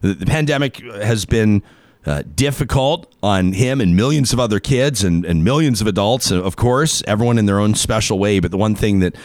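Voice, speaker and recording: A man's voice: on the low side, no room sound, clean studio sound. A man hosting a talk show, chatting casually in a rambling, self-deprecating and joking way. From Canada. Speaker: radio show host. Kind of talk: casual on-air banter.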